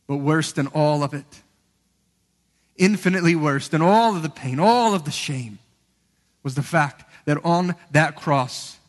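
An earnest man delivering a sermon, his somewhat high voice swelling to emphatic peaks and falling to near-whispers. The sound carries a long reverb, as in a big hall. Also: unhurried. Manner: earnest, building to emphatic peaks and dropping to hushed lows. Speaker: preacher.

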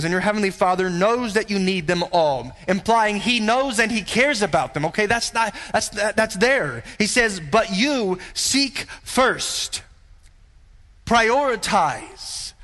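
A pastor delivering a sermon in an earnest, emphatic way, full of rhetorical questions. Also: male voice, sits high, pushed and bright.

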